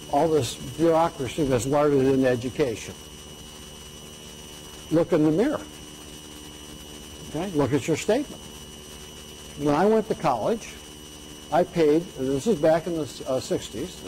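An older man lectures an audience in a relaxed, conversational way, tagging his points with a quick "okay?". His voice is mellow and sits a little high for a man. A faint hiss runs under the recording. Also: low-quality recording. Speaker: economics lecturer.

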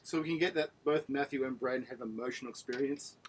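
A man's voice: mid-range voice, fast, slight background noise, rough recording. A man on a podcast, playfully mocking his co-hosts. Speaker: podcast co-host. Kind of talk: casual podcast banter.

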